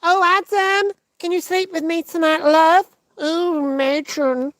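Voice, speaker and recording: A man putting on a high, drawn-out, camp voice as a flirtatious Eve. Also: fairly even intonation, fairly bright tone, dry recording, studio quality, full character voice. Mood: swooning. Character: swooning flirtatious Eve calling for Adam.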